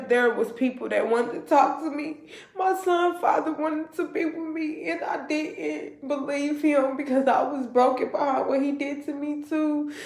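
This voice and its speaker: A woman's voice: fairly high pitch, gravelly, a little mellow, roomy sound. A woman vlogger telling a personal story to her viewers in an emotional, confiding way.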